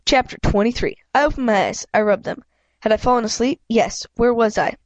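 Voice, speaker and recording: A woman's voice: fairly high pitch, fairly quick, no room sound, dull audio. A woman reading a children's novel aloud in a plain voice, often stumbling and correcting herself. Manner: plain reading with frequent slips and self-corrections. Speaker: reader of a book. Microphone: home microphone, self-adjusted.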